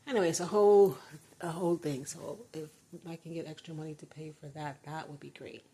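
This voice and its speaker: A woman's voice: sits low, flat delivery, brisk, dark tone, a little hiss or hum. An older retired woman chatting casually from her bedroom, rambling and laughing often. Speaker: vlogger. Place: her bedroom, door closed.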